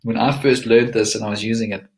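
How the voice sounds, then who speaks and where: A middle-aged man teaches a live webinar as a mindset coach, leaning on words with earnest emphasis. His voice sits a little low for a man. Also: steady tone, fast talker.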